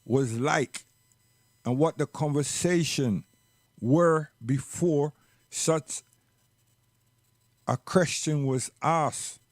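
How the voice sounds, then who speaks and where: A man telling a personal story slowly and reflectively, repeating words for emphasis. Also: on the high side, dry recording, clean studio sound.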